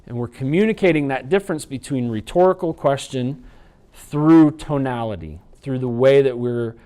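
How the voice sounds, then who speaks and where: A man teaching a sign language training unit in an instructional lecture, explaining patiently and slowing down to demonstrate. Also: mid-range voice, mellow, clean tone. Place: training video recording.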